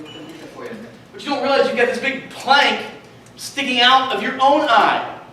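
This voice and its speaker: A man in his thirties giving a youth retreat sermon, telling personal stories in a conversational, animated way. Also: sits high, a little hiss or hum. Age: 30s. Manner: storytelling, conversational, animated asides. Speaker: youth speaker. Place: large hall at a retreat. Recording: echoey hall, voice from a distance.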